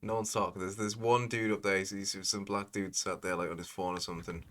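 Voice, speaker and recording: Casting: deep-voiced guy, rambling sardonic commentator. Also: flat delivery, a little fast, a bit bright. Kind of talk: casual commentary.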